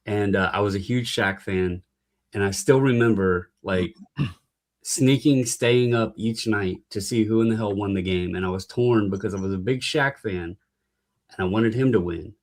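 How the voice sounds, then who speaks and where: A man guest on a casual podcast, telling a halting, rambling story with many restarts. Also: lowish voice, darkish tone.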